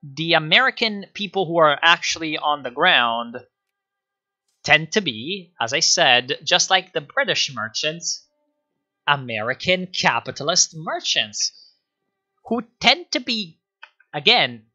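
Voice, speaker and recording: A man's voice: on the high side, very animated, slow pace, sharp tone, highs cut off. A man streaming a rambling, sardonic history chat, full of fillers and asides. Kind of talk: casual history talk on a live stream.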